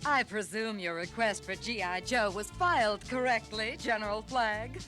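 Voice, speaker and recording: A woman's voice: mid-range voice, moderate pace, pushed and bright, faint music behind, close to an everyday voice. An actress playing a fussy female army major in a 1980s cartoon, speaking in a precise, bureaucratic way. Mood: prim.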